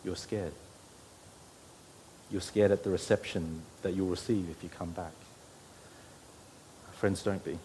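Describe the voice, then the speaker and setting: A man's voice: low-pitched, steady tone, measured pace, long pauses, dark tone, slight background noise. A pastor preaching an earnest sermon to his church, his voice rising when he quotes scripture.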